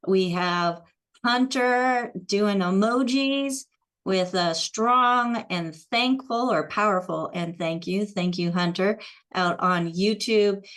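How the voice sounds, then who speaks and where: Woman host reading out comments, slow and upbeat. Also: medium pitch, fairly bright tone. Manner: upbeat, reads out viewer comments. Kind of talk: hosting a live show.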